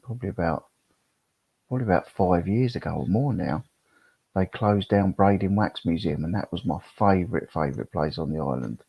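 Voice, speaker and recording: A middle-aged man chats casually on a live stream, rambling and reading comments from the chat out loud. His voice is low, gravelly and husky, and the recording is dull and lo-fi, with no echo.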